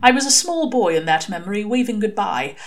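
A woman voicing a dignified, wistful older man who speaks in measured, formal phrases in a storybook reading. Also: medium pitch, animated, close to an everyday voice.

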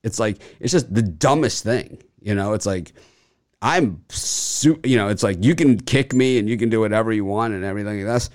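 A man with a lowish voice, recorded dry and close, as he talks through a casual show segment. He rambles with lots of fillers and tends to boast. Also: moderate pace, a little mellow, no echo. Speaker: sports betting show host. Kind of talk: casual chat.

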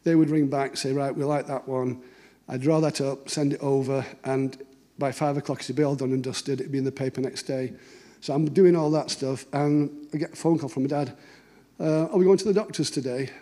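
A man's voice: medium pitch, flat delivery, moderate pace, dark tone. A middle-aged man, telling family stories in a conversational talk and acting out the dialogue. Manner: conversational, anecdotal, acts out dialogue. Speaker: cartoonist giving a talk. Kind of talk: storytelling talk.

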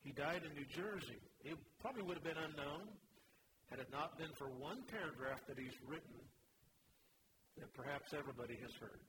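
A man preaching a sermon as pastor, emphatic and animated, mixing scripture with humorous stories. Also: fairly high pitch, moderate pace, background noise.

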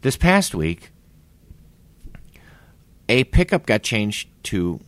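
A man's voice: lowish voice, extremely slow, dry recording. A man in his forties telling a workplace story in casual podcast chat, swearing and acting out what people said. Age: 40s. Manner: animated, swearing, acts out quotes. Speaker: podcast co-host.

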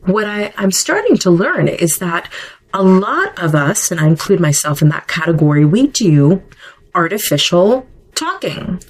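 A woman's voice: fairly low pitch, very animated, a little slow, poor audio. A middle-aged woman hosting a solo podcast. She talks in a conversational way and often wanders into asides before coming back to her point. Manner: conversational, chatty with digressions. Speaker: podcast host.

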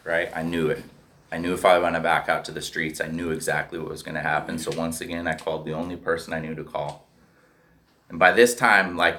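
A man with a low, fairly bright voice tells his recovery story in a personal, candid and profane way, often checking in with "right?"

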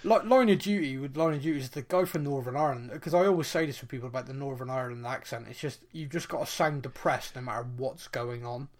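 A man from England hosting a football podcast and chatting casually. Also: mid-range voice. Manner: animated, quick asides. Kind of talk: casual chat.

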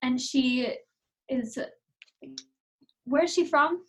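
A teenage girl co-hosts a casual podcast in a high, bright-sounding voice. She talks in a chatty, playful way and teases her guest. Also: very slow, low-quality recording. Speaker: podcast co-host. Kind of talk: casual chat.

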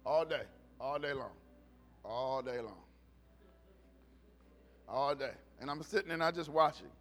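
A man's voice: mid-range voice, lively intonation, unhurried, fairly bright tone. A male pastor preaching a conversational, folksy sermon to a church congregation, trading quips and amens with them. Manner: folksy, talks back and forth with the congregation; jokes and raises his voice when telling funny stories. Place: church service.

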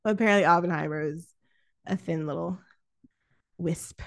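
A woman co-hosting a podcast, chatting casually about films, animated, laughing often and swearing freely. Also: lowish voice, normal speed, gravelly. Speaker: podcast co-host. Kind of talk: casual film review chat.

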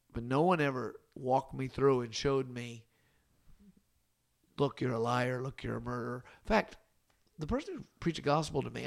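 A man's voice: medium pitch, creaky. A man co-hosting a casual podcast, talking through Bible passages in a folksy, teasing way with many restarts. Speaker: podcast co-host.

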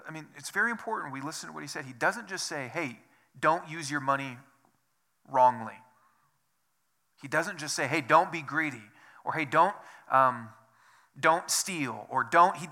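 Man, pastor, sermon, bright forceful voice, slightly high pitch, earnest, repeats himself, rhetorical questions. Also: animated, moderate pace.

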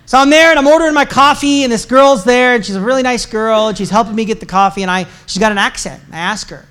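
High-voiced pastor preaching casually. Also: male voice, quick pace, a bit bright, clear, resonant tone. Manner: conversational and joking, with emphatic repetition. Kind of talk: sermon. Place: church service before a congregation.

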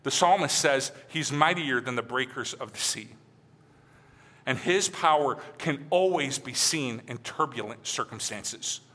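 Bright-voiced preacher in a reverberant hall. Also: male voice, medium pitch, lively intonation. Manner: emphatic preaching, often asking "right?"; drops soft and slow on key phrases. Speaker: pastor. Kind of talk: sermon.

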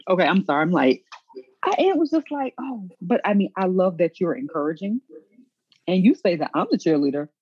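A woman co-hosting a loose conversation, animated and emphatic and quick to laugh. Her voice is husky and her pitch rises and falls with lively swings. The recording sounds dull and lo-fi. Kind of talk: casual chat among friends.

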